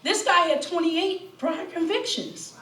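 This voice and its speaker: A grieving middle-aged mother gives impassioned testimony at a town hall meeting, her very high-pitched, slightly bright voice moving at a measured pace. She's emphatic, fires off rhetorical questions, and mockingly quotes her opponents. A distant room mic catches her from afar in the echoey hall, with faint crowd murmur behind.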